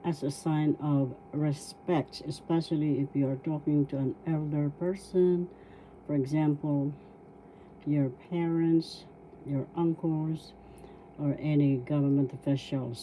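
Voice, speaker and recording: Filipino lady teacher, sounds words out one syllable at a time, dark mellow voice. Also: sits low, slight background noise. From Philippines. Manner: slow, careful syllable-by-syllable pronunciation. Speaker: language teacher and author. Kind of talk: slow spoken language lesson.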